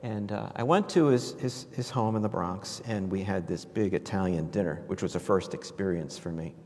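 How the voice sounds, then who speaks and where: A man's voice: deep voice, normal speed, darkish tone, in a large hall. A man from New York giving a storytelling homily in a conversational, reflective way, with frequent fillers and restarts. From New York, USA. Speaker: preacher.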